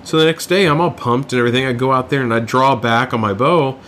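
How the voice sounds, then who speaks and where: A man's voice: medium pitch, quick pace, a little hiss or hum. A man with a Southern US accent, co-hosting a podcast in casual chat and laughing often as he tells stories. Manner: laughs often, animated storytelling. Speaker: podcast co-host.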